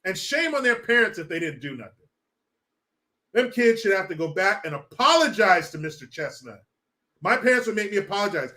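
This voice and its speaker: A man's voice: high-pitched, very animated, a little fast, bright, forceful tone. Profane ranting male streamer. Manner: profane, ranting, laughs often. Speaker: live stream host. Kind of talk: casual livestream commentary reading chat.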